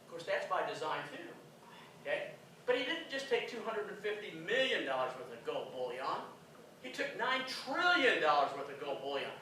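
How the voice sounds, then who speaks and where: A man's voice: sits high, sing-song, moderate pace, bright, forceful tone, slight background noise. A man giving an emphatic conference lecture, firing rhetorical questions at the audience. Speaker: conference speaker. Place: conference hall. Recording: echoey hall, distant mic.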